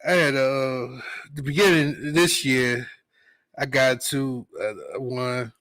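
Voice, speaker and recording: A man's voice: mid-range voice, slow pace, fairly bright tone, dry recording, low-quality recording. Laid-back man on a dry mic. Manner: laid-back storytelling, quoting himself under his breath. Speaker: podcast co-host. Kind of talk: casual podcast chat.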